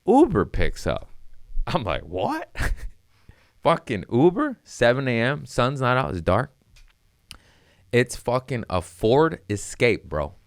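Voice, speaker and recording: A young man, a comedian hosting a podcast, telling a story in a profane, animated casual way. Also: mid-range voice, slow, long pauses, no room sound, clean studio sound.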